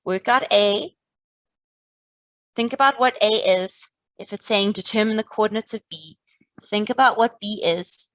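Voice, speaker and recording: Calm maths teacher, woman. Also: mid-range voice, measured pace, pauses often, no echo, low-quality recording. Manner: encouraging, calm, talks students through steps. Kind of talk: live online maths lesson.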